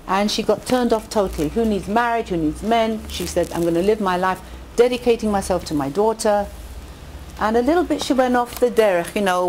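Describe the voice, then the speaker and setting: A woman tells jokes and stories in an inspirational talk, her voice climbing for quoted lines and punchlines. Her pitch sits in the middle of the range. Faint noise hums under the recording. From England. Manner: lively storyteller who rises in pitch on quotes and punchlines. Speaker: speaker addressing a women's audience. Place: community hall with a live audience.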